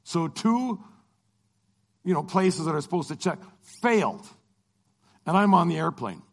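A man's voice: fairly high pitch, measured pace, vocal fry. A middle-aged man, a Christian lecturer, telling a personal travel story and acting out the dialogue. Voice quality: animated, acts out dialogue. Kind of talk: storytelling testimony.

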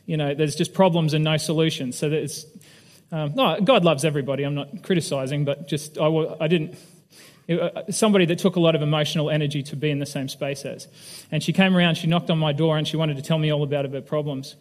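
Male pastor, fairly high voice, candid self-deprecating sermon talk, long hall reverb. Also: steady tone, quick pace. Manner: candid, self-deprecating, asks the audience questions. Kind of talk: conversational sermon with personal story.

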